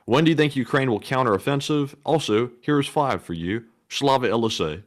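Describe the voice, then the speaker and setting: A man's voice: mid-range voice, expressive, moderate pace. A man co-hosting a livestream, reading viewer questions aloud in a plain way with hesitant fillers. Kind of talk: casual livestream Q&A.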